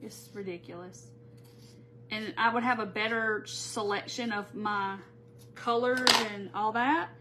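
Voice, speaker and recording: A woman's voice: mid-range voice, fairly even intonation, unhurried, pushed and bright, a little hiss or hum. A woman hosting a live crafting tutorial, chatting casually and greeting viewers by name as she works. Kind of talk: live-stream crafting chat.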